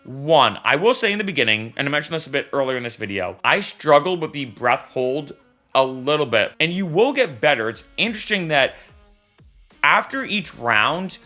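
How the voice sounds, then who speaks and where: A man talking casually to his vlog audience in a bright, forward voice whose pitch rises and falls a lot. He sounds candid and chatty, tossing in little asides as he goes. Soft music plays faintly behind him. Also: big pitch swings, normal speed. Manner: candid and chatty, leaning on fillers like "right?" and "I'll be honest". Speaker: vlogger. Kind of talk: casual vlog talk to camera.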